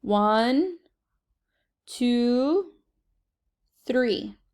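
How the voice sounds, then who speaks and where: A woman's voice: fairly high pitch, animated, extremely slow, a little mellow, smooth. A woman reading aloud and voicing a fussy, worried mother who frets and insists. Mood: firm. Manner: fretful, insistent.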